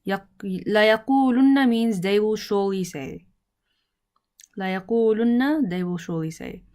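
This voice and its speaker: Woman slowly teaching Arabic grammar. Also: mid-range voice, dark tone. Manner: slow, deliberate, repeats each word with its translation. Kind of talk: explaining Arabic grammar in English.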